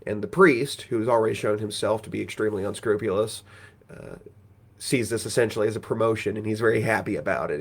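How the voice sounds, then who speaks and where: A man's voice: on the low side, quick pace. A man reading scripture aloud and retelling it in a conversational, folksy way as a Bible teacher. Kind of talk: scripture reading with casual commentary.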